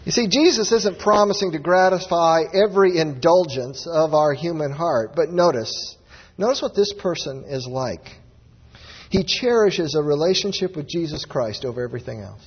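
A pastor preaches a sermon in a slightly high, breathy-edged voice, building to emphatic, rising exclamations. The recording is dull and lo-fi with a long hall reverb.

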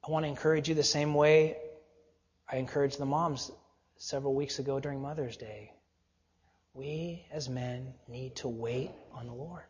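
A male pastor preaching a sermon, earnest and exhorting, often dropping to a low, quiet voice for emphasis. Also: fairly even intonation, moderate pace, in a large hall, lo-fi sound.

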